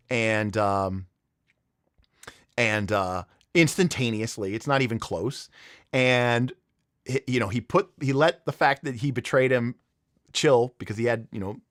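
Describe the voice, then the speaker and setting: A man's voice: mid-range voice, fairly bright tone, no room sound. A man in the middle of his range hosts a casual livestream, rambling through a story with plenty of "um"s and "you know"s. He sounds eager and carried away by his own telling. The sound is dry and close, with no room around it. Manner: rambling, enthusiastic storytelling with many fillers. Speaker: livestream host.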